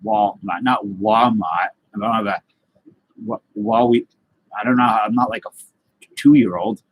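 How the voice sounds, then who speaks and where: A man's voice: lowish voice, fairly even intonation, moderate pace, slightly rough, rough recording. A man hosting a casual live stream, rambling loosely and greeting viewers by name as he reads their comments. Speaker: livestream host.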